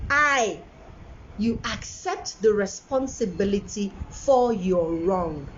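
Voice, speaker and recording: A woman's voice: mid-range voice, lively intonation, unhurried, lo-fi sound, slight background noise. A woman with a Nigerian accent, a parent giving an earnest, preachy monologue about parenting, repeating her points for emphasis. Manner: emphatic, preachy, lots of repeated phrases and restarts.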